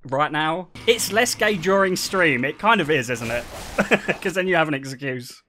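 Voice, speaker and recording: A young man streaming live, chatting casually with his viewers in an excitable, joking way and laughing often. His voice is high for a man and swings widely in pitch. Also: unhurried, slight background noise. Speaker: livestreamer.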